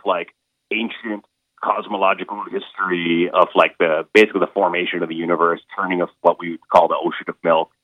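A man with a very low voice talks over a narrow, tinny phone line, and the sound is dry and close. He speaks casually and haltingly, filling his pauses with ums and restarting his sentences as he explains his stage show. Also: no echo. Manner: halting, lots of fillers and restarts. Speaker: stage performer interviewed as a guest.

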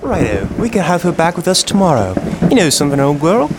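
A hearty husband: chatty and cheerful, lively pitch, old radio drama style. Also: male voice, fast, noisy background. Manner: hearty and chatty, calls his wife old girl. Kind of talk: 1940s radio acting.

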